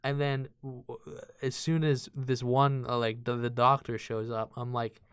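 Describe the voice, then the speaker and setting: A man's voice: medium pitch, level tone, a little slow, a bit bright, smooth, no echo, clean studio sound. A man co-hosting a podcast, rambling through a casual movie review and acting out quotes from scenes. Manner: rambling, restarts often, acts out quotes. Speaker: podcast co-host.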